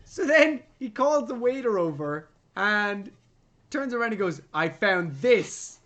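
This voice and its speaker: Animated man retelling a movie plot. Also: extremely high pitch, unhurried, muffled recording. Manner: animated retelling of scenes, jumps into loud put-on character voices. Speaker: podcast co-host. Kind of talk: casual movie review chat.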